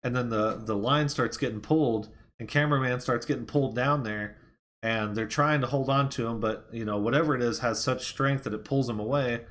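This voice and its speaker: A man's voice: medium pitch, brisk, fairly bright tone. A man giving a casual movie review, retelling the plot in a rambling way with fillers and restarts.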